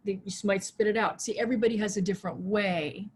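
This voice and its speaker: A woman pastor preaching a sermon over a video call, swinging from loud, soaring exhortation to a hushed prayer voice. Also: mid-range voice, steady tone, fast, husky. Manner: impassioned, rises loud then drops to hushed prayer. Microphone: video call mic.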